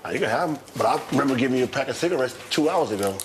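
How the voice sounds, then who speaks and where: Brief: fast, lively-pitched man, taunting and profane, room echo. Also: slight background noise. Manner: taunting, profane, repeats himself. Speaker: reality show housemate. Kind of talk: heated argument. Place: large room in a house.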